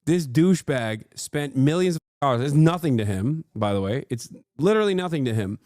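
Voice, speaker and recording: A man in his thirties doing casual livestream commentary from home, profane, excitable and mocking as he rants about the news. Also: mid-range voice, fairly quick, dry recording, studio quality. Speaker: streamer reacting to news. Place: home streaming room.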